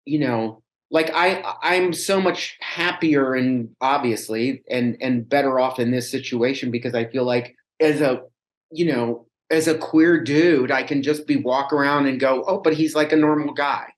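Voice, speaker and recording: A man in a relaxed podcast chat, telling a long personal story with energy. He talks in quick bursts and restarts, mid-range in pitch, with a loose, conversational flow. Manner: animated, chatty, rambling with restarts. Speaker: podcast guest.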